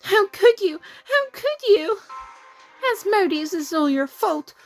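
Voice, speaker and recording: A woman voicing a talking portrait of a female witch that wails and accuses in a shrill cry. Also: sing-song, takes it slowly, faint music behind, exaggerated voice. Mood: anguished. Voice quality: shrill, crying out.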